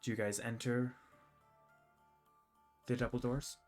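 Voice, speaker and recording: A male dungeon master describes scenes in a measured, descriptive way, pausing on fillers. His voice sits at a middling pitch, with faint music beneath. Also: level tone. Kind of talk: narrating a tabletop game.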